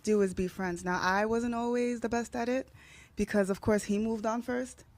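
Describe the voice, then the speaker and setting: A woman in her late thirties co-hosting a podcast, teasing and quick to correct the other host. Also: on the high side, steady tone, a little mellow. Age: late 30s. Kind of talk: casual chat.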